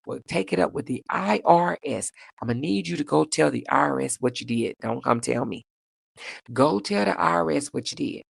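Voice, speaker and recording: A woman hosting a casual livestream, reading viewer comments aloud in a sassy, animated way, laughing often and jumping up in pitch for emphasis. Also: moderate pace, vocal fry, husky, dry recording, studio quality. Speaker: livestream host.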